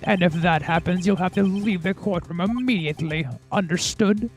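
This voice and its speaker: A streamer voicing a meek older male judge in a game, speaking softly and formally. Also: medium pitch, normal speed, soft background music, lightly acted. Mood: hesitant. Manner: hesitant, soft, formal. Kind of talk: reading game dialogue aloud.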